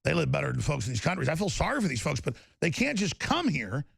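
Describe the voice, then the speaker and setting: A man's voice: fairly high pitch, very animated, fast, gravelly, fairly bright tone, slight background noise. A middle-aged man hosting a radio talk show, ranting heatedly about politics and mocking others in quoted voices.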